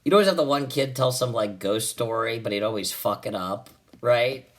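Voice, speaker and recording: A man doing a stand-up routine, animated and exasperated, with crude punchlines. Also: mid-range voice, normal speed. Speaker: stand-up comedian.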